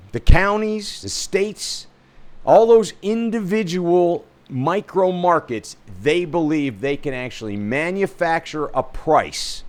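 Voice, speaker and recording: A realtor hosts his own commentary stream, rambling casually through news and clips in a clear, resonant, medium-pitched voice. His talk is loose and full of fillers and restarts.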